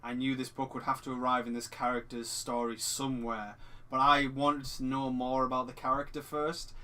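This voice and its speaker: A man's voice: mid-range voice, level tone, normal speed, sharp tone. A man co-hosting a casual film review podcast, talking reflectively and rambling through his points. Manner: reflective, rambling, hedges with "you know". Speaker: podcast co-host.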